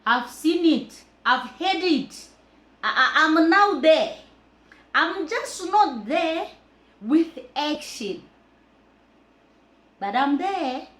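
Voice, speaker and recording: A woman telling her own story in a lively way, laughing often. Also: high voice, extremely slow, long pauses. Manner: animated, laughing, mixes languages. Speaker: storyteller sharing her life journey. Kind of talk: personal storytelling vlog. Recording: roomy echo.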